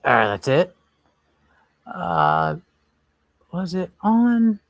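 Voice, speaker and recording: Gravelly man rambling on a livestream. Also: sits high, wildly swooping pitch, very slow, no echo. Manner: rambling, thinks aloud while browsing. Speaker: livestream host. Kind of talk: casual livestream chat.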